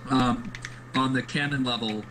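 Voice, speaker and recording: A man narrating part of an online tabletop game, halting with many fillers. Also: mid-range voice, steady tone, bright, forceful tone, slight background noise, low-quality recording.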